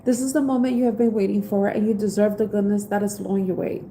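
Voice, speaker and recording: A woman's voice: mid-range voice, fairly even intonation, fast talker, dark tone, a little hiss or hum, poor audio. A woman giving a live-streamed tarot reading in a casual, heartfelt way. She reads passages from an oracle book and then explains them in her own words. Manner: casual, heartfelt, spiritual encouragement. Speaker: tarot reader.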